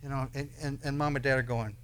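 A man preaching a sermon, who swings between loud declarations and quiet asides and asks his listeners many rhetorical questions. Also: mid-range voice, steady tone, fast talker. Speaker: pastor.

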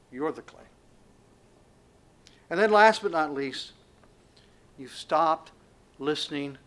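A preacher delivering a sermon in a slightly high voice for a man. He swings between sudden loud outbursts and hushed, near-whispered lines. He keeps pressing his listeners with rhetorical questions.

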